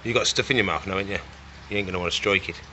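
A man's voice: deep voice, racing, pushed and bright, slight background noise. Chatty man coaxing reptiles at feeding. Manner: coaxing and scolding the animals in a chatty, playful way. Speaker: reptile keeper feeding his animals. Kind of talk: casual vlog narration while working.

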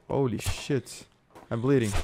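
Excitable Brazilian gaming YouTuber. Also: male voice, medium pitch, a little slow, a little hiss or hum. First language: Brazilian Portuguese. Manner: excitable, loud outbursts and cursing. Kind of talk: live gameplay commentary and voice chat.

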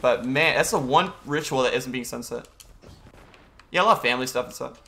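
A man's voice: mid-range voice, brisk, creaky, fairly bright tone. A young man streaming a video game, chatting casually and greeting viewers and answering chat as he plays.

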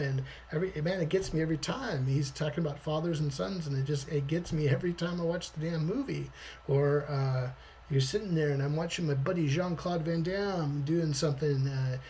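Man, storyboard artist, livestream talk, rambling, fairly high voice, faint background hum. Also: a little mellow. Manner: rambling, conversational.

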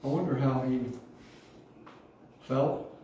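A man's voice: medium pitch, fairly even intonation, slow pace, warm tone. A man in his sixties, a pastor, giving an emotional testimony sermon with fervent call-and-response. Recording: echoey hall from far off, faint noise.

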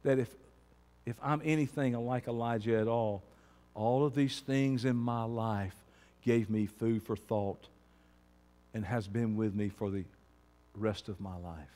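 A man preaching a sermon as pastor, moving from quiet talk to shouting. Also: on the low side, fairly even intonation, a little slow, big-room sound.

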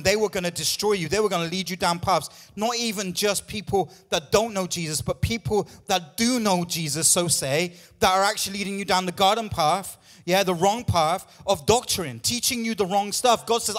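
A man's voice: sits high, normal speed, few pauses, fairly bright tone. A man preaching a sermon in church, emphatic and repetitive, at times out of breath. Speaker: pastor.

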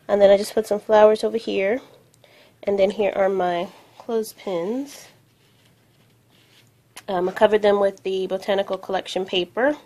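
A woman shows off her handmade crafts at home while filming on her phone. She talks at an unhurried pace in a medium voice, pausing often with fillers as she thinks aloud. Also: medium pitch, a little mellow. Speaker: crafting vlogger. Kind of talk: casual show-and-tell narration. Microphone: phone camera.

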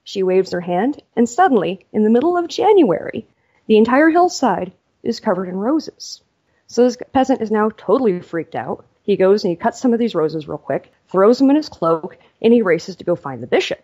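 A woman author, a podcast guest, telling a story in a lively, casual way. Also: mid-range voice, moderate pace, slightly rough, highs cut off.

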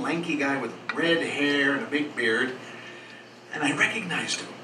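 Rambling male storyteller in a roomy café. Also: mid-range voice. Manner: rambling, earnest, with small restarts. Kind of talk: live storytelling performance. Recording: roomy, distant, noisy live café.

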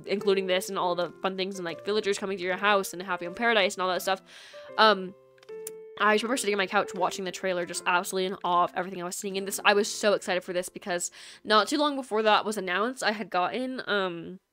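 A woman's voice: mid-range voice, steady tone, quick pace. Chatty, giggly young woman streamer. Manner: chatty and giggly, lots of "like" fillers. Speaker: game streamer. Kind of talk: casual stream chat while gaming. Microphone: USB microphone. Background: soft lofi music.

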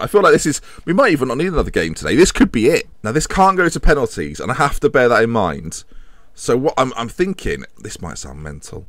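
A man in his home room calls his own football management match with a lively, swinging pitch, mumbling in dry close sound at calm moments and shouting at big ones. His commentary is excitable and self-mocking, with a middle-range voice. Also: dry recording. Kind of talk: live game commentary. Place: home room with windows open.

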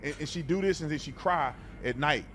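A man's voice: a little high, brisk, fairly bright tone, a little hiss or hum. A man hosting a reaction video, talking bluntly and animatedly in a preachy, casual way and often repeating words.

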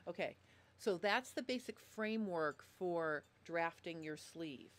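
A woman's voice: on the low side, animated, a little slow. A woman giving a live-streamed sewing tutorial at a desk microphone, chatty and explaining step by step. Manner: chatty, apologetic about audio trouble. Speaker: sewing instructor.

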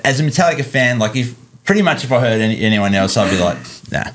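A man with an Australian accent, a musician guest telling a story in a relaxed way, full of fillers. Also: medium pitch, fast talker. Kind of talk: casual storytelling.

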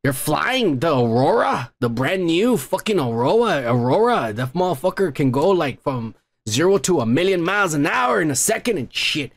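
Podcast host, male, high-pitched, profane rambling ranter. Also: sing-song, moderate pace. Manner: angry, swearing, rambling. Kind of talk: profane comedic rant.

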